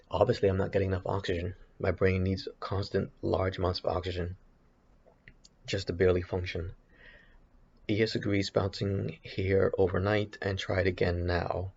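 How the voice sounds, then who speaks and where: A man's voice: sits low, flat delivery, moderate pace, vocal fry, darkish tone, highs cut off, a little hiss or hum. A man thinking aloud while commenting on his trading charts, hesitant and rambling with frequent restarts. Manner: hesitant, rambling, many restarts and self-corrections. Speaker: options trader streaming his chart analysis.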